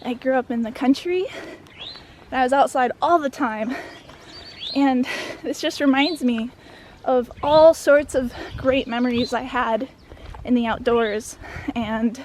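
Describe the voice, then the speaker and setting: A woman's voice: high-pitched, fairly even intonation, unhurried, pauses often, a little mellow. A young woman from Wisconsin telling a casual hiking story, chatty and full of "like" fillers, recorded outdoors on a mountain trail. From Wisconsin, USA. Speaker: hiker vlogger. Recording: outdoor noise in background.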